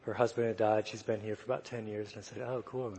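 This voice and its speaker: A man preaching a sermon, telling a personal story in a soft, humorous way. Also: lowish voice, little pitch movement, quick pace, a little hiss or hum. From United States. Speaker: guest preacher. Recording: long reverb of a church hall.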